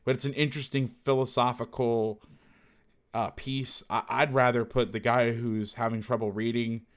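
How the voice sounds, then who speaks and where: A man talks through football game film in a casual, blunt way, swearing now and then and correcting himself mid-thought. His voice sits at a middling pitch. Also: flat delivery, normal speed, clean tone. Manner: blunt, thinks aloud, self-correcting, salty language.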